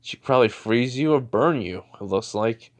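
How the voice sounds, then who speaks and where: A man's voice: medium pitch, expressive, moderate pace, natural voice. A man voicing a cocky teenage boy hero with fire powers, smug, offhand and taunting in a near-everyday voice.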